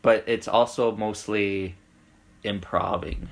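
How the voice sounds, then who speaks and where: Chatty man telling a lively story. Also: fairly low pitch, slow, gravelly. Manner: animated storyteller, acts out voices. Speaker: podcast co-host. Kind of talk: casual chat, telling a story.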